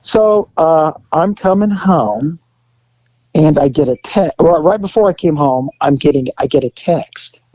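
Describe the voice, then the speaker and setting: A middle-aged man, a former police officer, casually telling a story, animated, swearing, laughing and acting out the voices of the people in it. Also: on the high side, unhurried, no echo, poor audio. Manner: profane, laughing often.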